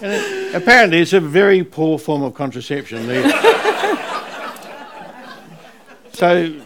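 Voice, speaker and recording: A man's voice: high-pitched, slow, gravelly, over a noisy crowd, very noisy. An older man with a New Zealand accent, an author telling family anecdotes on stage in a rambling way and laughing as he goes. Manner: animated, rambling anecdotes, laughing while he tells them. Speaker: author interviewed about a family memoir. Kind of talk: live on-stage conversation, storytelling.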